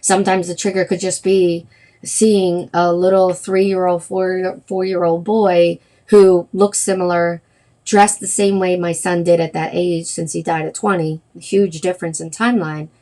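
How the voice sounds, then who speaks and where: A woman's voice: lowish voice, little pitch movement, measured pace, mellow. Rambling woman hosting a wellness livestream. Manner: rambling, with many fillers and self-corrections. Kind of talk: casual livestream talk.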